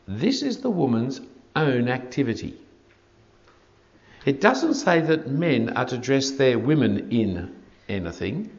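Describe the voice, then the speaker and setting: Gravelly male preacher, lively delivery. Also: medium pitch. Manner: expository, dry humor, wry asides. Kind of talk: sermon. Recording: dull lo-fi recording.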